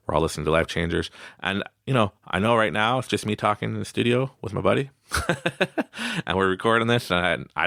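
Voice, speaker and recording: Podcast guy laughing a lot, gravelly low voice, dry close sound. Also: no room sound. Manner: laughs often and acts out quotes in animated voices. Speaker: podcast host. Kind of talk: casual motivational talk. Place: small studio.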